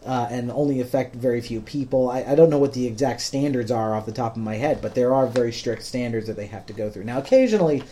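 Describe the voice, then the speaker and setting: A man's voice: mid-range voice, fast talker, hardly any pauses, mellow. A man hosting a podcast, patiently explaining things in plain words with frequent ums. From United States. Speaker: podcast host. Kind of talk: casual explanatory podcast talk.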